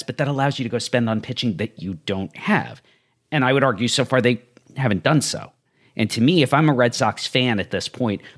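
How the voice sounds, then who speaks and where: A man hosting a casual sports talk conversation, speaking in a measured, analytical way. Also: fairly low pitch, fairly bright tone.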